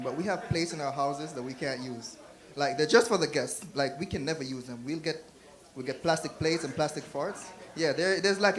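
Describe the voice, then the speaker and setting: A man from Jamaica with a Jamaican accent, doing a loose, chatty stand-up set on a club stage into a corded handheld mic. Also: on the high side. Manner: loose, chatty, laughs at own jokes. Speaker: stand-up comedian.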